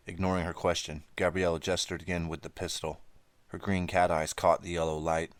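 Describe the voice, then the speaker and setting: A man narrating a teen thriller audiobook in a steady, measured way. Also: sits low, no echo. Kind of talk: scripted narration.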